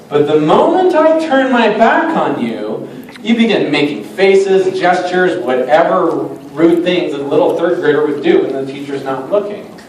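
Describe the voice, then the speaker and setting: A man running a stage hypnosis show, coaxing volunteers to relax and giving them suggestions in front of a live audience. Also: fairly high pitch. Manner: soft, coaxing induction patter that rises to loud excited suggestions. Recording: distant, echoey venue with crowd noise.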